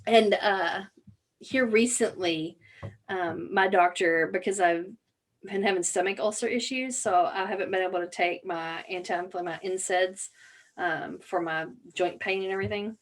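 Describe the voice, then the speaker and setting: A woman co-hosting a podcast, telling a story in casual chat, animated, with many fillers and some swearing. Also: medium pitch, moderate pace. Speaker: podcast co-host.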